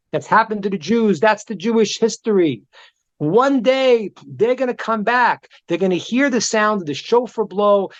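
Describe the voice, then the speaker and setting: A man, a rabbi teaching a class, telling stories in an animated way and often repeating words as he restarts. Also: high-pitched. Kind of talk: storytelling lesson. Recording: dull lo-fi recording.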